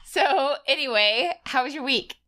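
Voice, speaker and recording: A woman co-hosting a podcast in casual chat, playful and quick to laugh. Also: high voice, animated, sharp tone. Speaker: podcast co-host.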